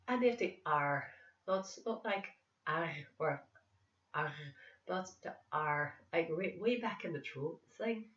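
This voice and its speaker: A woman's voice: medium pitch, natural voice. A woman doing a thick, sing-songy attempted Northern Irish accent in a playful way. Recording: echoey room, distant mic, dull sound.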